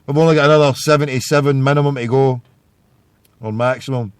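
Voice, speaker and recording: A man's voice: mid-range voice, steady tone, quick pace, clear, resonant tone, dry recording. A Scottish man hosting a live internet radio call-in show, ranting and hurling insults in a rambling way.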